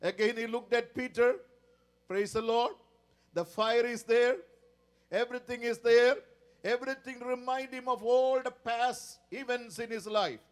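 A man preaching a sermon in a slow, dramatic way, often repeating a stock praise phrase. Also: very high-pitched, steady tone.

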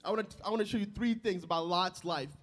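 Speaking quickly in a high-pitched voice, a young man in his twenties shares his personal testimony as a sermon. His emotion runs earnest and deep, with loudness that rises and falls.

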